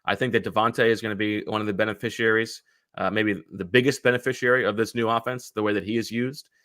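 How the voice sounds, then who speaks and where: A man's voice: lowish voice, steady tone, a bit bright, no room sound, studio quality. A man co-hosting a sports podcast, reading an ad and chatting about football with many fillers and restarts. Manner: halting, filler-heavy delivery. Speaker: podcast co-host. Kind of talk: casual sports chat with host-read ads.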